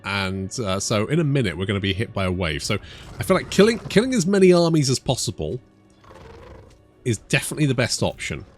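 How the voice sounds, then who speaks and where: A man's voice: mid-range voice, sing-song, a little fast, soft background music. A British man casually commentating a strategy game, chatty and rambling with joking asides. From Britain. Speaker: gaming YouTuber. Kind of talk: casual let's-play commentary.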